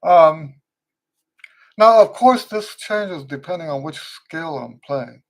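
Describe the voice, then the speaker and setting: Tired trumpet teacher guy, fairly high voice, talks slow and keeps repeating himself. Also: expressive. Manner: slow, emphatic, repeats key points. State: tired and weak, voice fading. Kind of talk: live-stream Q&A lesson.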